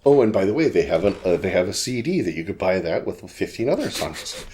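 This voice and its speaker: A man's voice: low-pitched, big pitch swings, a little fast, a little mellow. A man co-hosting a casual podcast about an album, joking and laughing often. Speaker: podcast co-host. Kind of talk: casual chat about music.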